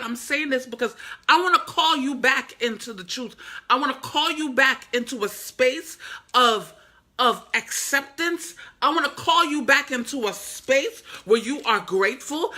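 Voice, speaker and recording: A woman with a high, bright voice gives an inspirational faith talk. She takes her time and speaks in an unhurried, emphatic, preacher-like rhythm. She repeats her key phrases and coaxes the listener directly. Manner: emphatic, repetitive, preacher-like cadence; addresses the listener directly, coaxing. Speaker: motivational speaker and author.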